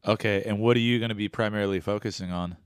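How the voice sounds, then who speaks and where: A man's voice: fairly low pitch, steady tone, quick pace, smooth, no room sound, clean studio sound. A middle-aged man, a father, chatting casually and teasing his child on camera. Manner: playful, teasing. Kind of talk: casual chat.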